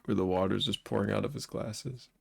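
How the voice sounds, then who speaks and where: A man's voice: lowish voice, steady tone, brisk, gravelly, darkish tone, slightly rough. A man co-hosting a live stream, reading news headlines aloud with a dry, profane running commentary. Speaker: streamer co-host.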